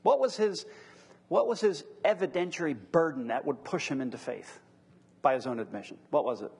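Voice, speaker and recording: A man's voice: on the high side, normal speed, creaky, a little mellow, breathy edge, in a large hall. A middle-aged man leading a church class discussion, teaching earnestly through rhetorical questions.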